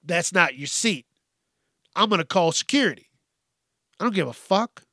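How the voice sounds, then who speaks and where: A man's voice: high-pitched, animated, normal speed, bright, forceful tone, no echo, studio quality. A man hosting a podcast, ranting bluntly and swearing often in a casual monologue. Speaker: podcast host.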